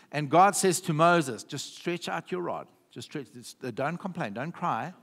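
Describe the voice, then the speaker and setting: A South African man preaches with emphatic repetition, pausing often to check in with his congregation. His voice sits somewhat high for a man. The recording carries the long reverb of a church hall. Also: animated, a bit bright, breathy edge. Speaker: pastor. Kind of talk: sermon.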